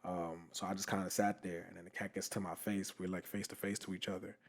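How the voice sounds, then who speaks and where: A man's voice: deep voice, fast. A young man hosting a podcast, telling a story casually with lots of fillers and laughter. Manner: animated, laughing, many fillers. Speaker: podcast host.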